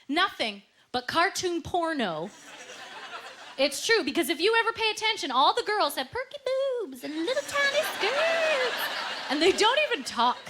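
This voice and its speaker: This is a live club recording of a stand-up set by a Canadian woman with a high voice, performing on stage before an audience. Animated throughout, she acts out quoted voices and laughs through her punchlines. Audience laughter and room noise are audible in the background.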